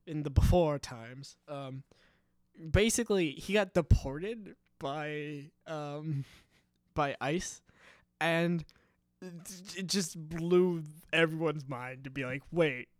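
A man's voice: fairly high pitch, slow, no echo, studio quality. A man rambling through a casual solo podcast at his home computer desk, wandering off on tangents, interrupting himself and giggling at his own stories. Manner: meandering, self-interrupting, giggly. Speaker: podcast host. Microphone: studio microphone.

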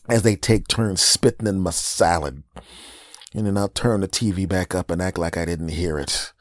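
A man's voice: low-pitched, steady tone, fairly quick, no echo. A man hosting a podcast, doing a rambling, self-deprecating comedic monologue.

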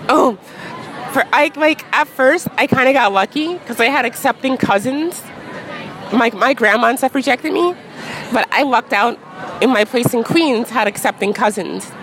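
A woman in her thirties speaking frankly in a casual street interview, full of "like" and quick laughs. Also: fairly high pitch, fairly bright tone, poor audio. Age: 30s. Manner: frank, chatty, peppered with "like" and laughs. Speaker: interview guest. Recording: crowd noise outdoors.

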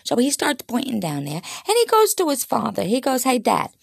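Gravelly, foul-mouthed woman storyteller. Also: on the high side, huge pitch swings, moderate pace, no echo, clean studio sound. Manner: crude, chatty, addresses listeners. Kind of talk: casual audio storytelling.

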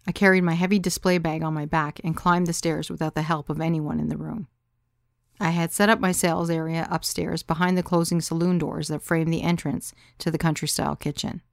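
A woman's voice: low voice, steady tone, moderate pace, gravelly, dry recording, studio quality. A woman narrating her own story in the first person, in a wry, confiding way.

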